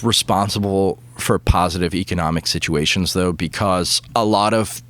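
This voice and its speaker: A man in his thirties, a comedian guest on a casual podcast, telling animated stories with frequent stammered restarts. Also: low voice, normal speed, dry recording. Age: 30s.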